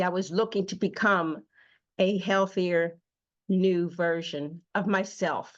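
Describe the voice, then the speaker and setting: A woman hosting her own show, telling a personal story slowly and emotionally with emphatic repetition. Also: fairly low pitch, lo-fi sound. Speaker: host. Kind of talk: personal testimony monologue.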